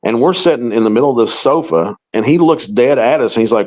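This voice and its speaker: A man's voice: mid-range voice, lively intonation, fast, rough recording. A middle-aged man, a paranormal investigator, telling a long story in an interview and acting out the quoted dialogue.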